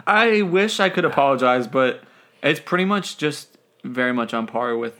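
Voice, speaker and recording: A young man co-hosts a casual podcast. He speaks in a relaxed, everyday voice and keeps up a teasing, joking banter with his co-host. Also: mid-range voice, normal speed. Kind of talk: casual chat.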